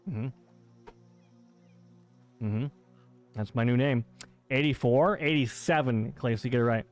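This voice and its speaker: A man's voice: mid-range voice, unhurried, soft background music. A man streaming a game live, bantering and joking with his chat in a playful, teasing way.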